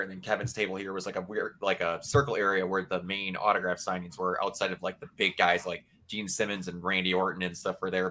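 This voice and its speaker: A man on a podcast recounts a memory in loose, conversational chat. His voice has a bright, forward edge, and he tells it with emotional, animated energy. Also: fairly low pitch. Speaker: podcast co-host. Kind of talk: casual chat.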